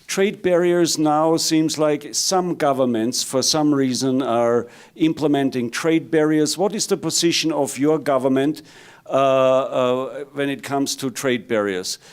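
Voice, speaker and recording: A man's voice: medium pitch, measured pace, smooth. A man with a German accent moderates a conference panel. His voice sits mid-range, and he restarts his phrases often, putting questions with a light joking touch.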